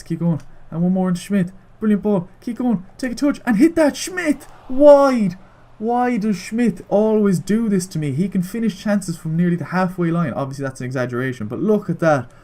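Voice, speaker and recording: A young man giving casual, excitable commentary on his own football video game, cheering, groaning and swearing at the action. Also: fairly high pitch. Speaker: gaming YouTuber.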